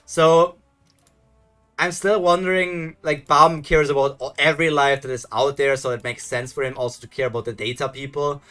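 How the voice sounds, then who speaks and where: A man talking through a casual live reaction, his voice bright and a bit high for a man. He muses out loud and hesitates as he works his thoughts out, over faint music. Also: fairly even intonation, moderate pace. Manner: musing, hesitant, thinking aloud with fillers. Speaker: reaction video host.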